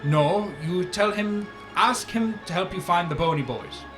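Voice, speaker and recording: A man's voice: sits high, unhurried. A man game master voicing a secretive informant in a tabletop game, giving warnings in a conspiratorial manner with bits of laughter. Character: secretive informant who has kept up an act for years. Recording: roomy, with background music.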